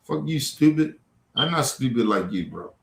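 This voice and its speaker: A man's voice: medium pitch, animated, normal speed, vocal fry. A man hosting a livestream, confronting trolls in the chat in a heated, profane rant. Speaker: livestream host. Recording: echoey room.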